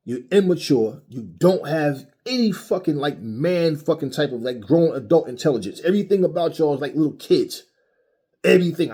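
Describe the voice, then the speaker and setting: Angry, husky-voiced man ranting. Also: fairly high pitch, warm tone. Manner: angry, profane, mocking. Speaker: boxing commentary channel host. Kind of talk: heated opinion rant.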